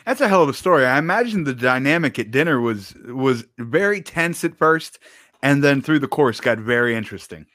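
Man, casual podcast chat, thoughtful, measured, mid pitch, dry close sound. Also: lively intonation, a bit bright, no echo.

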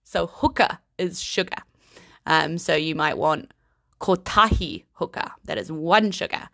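A woman giving a casual vocabulary lesson in a playful, giggly, unhurried way. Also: fairly low pitch, vocal fry, pushed and bright, dry recording, clean studio sound. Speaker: language teacher.

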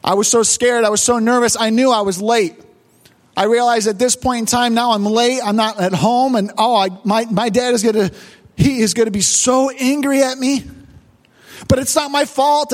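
A man preaching a sermon, retelling a childhood story with emotional repetitions and stammers. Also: extremely high pitch. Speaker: pastor.

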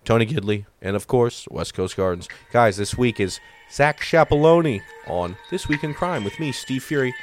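A man's voice: mid-range voice, expressive, moderate pace, few pauses, a little hiss or hum. A man in his thirties, a stand-up comedian hosting a podcast, telling rambling, self-deprecating stories in a loose, casual way. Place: home.

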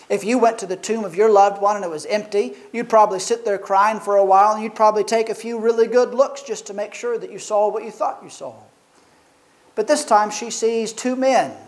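In a low-quality recording, a preacher with a medium-pitched voice reads scripture and then reflects on it earnestly. He leans heavily on rhetorical questions aimed at his listeners.

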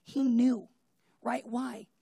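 A preacher giving a casual, conversational sermon with personal stories, talking in an animated way and leaning on "like" and "right?". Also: mid-range voice, drawn-out words, creaky, slightly rough, no room sound. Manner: animated, fillers of "like" and "right?", often laughs.

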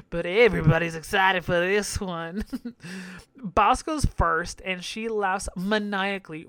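This male podcast host, whose voice sits high and sounds creaky and a bit bright, delivers a campy, profane recap full of laughter as casual commentary.

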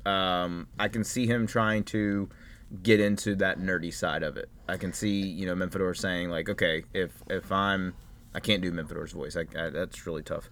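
A man's voice: low-pitched, steady tone, moderate pace, fairly bright tone, a little hiss or hum. A man co-hosting a casual chat, easygoing and rambling, with lots of hedges. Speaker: podcast co-host.

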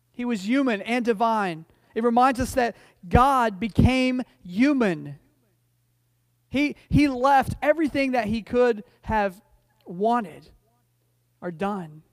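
A man's voice: high voice, dry recording. A middle-aged man preaching a sermon in a conversational, storytelling way, stumbling over restarts and building to emphatic declarations. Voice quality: frequent restarts and repeated words. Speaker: pastor.

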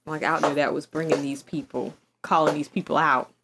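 A woman's voice: low voice, little pitch movement, fairly quick, noisy background. A woman co-hosting a podcast in casual chat, reacting emphatically and swearing now and then. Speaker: podcast co-host.

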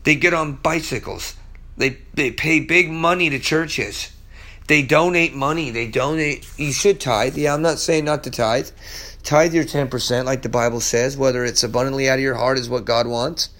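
A man's voice: mid-range voice, moderate pace, a bit bright. A man preaching on a sermon podcast, teaching verse by verse. He is emphatic, stumbles through restarts and repeats words.

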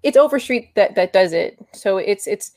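A woman's voice: mid-range voice, expressive, moderate pace, a little mellow, dry recording, clean studio sound. A woman co-hosting a casual podcast chat about comic books, rambling with frequent restarts. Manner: rambling, many restarts, self-described nerd. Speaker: podcast co-host.

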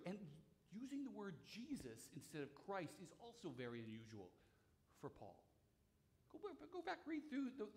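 A pastor preaches a sermon, explaining a text conversationally and thinking aloud, with frequent restarts and repeated words. His voice is on the high side and a bit bright.

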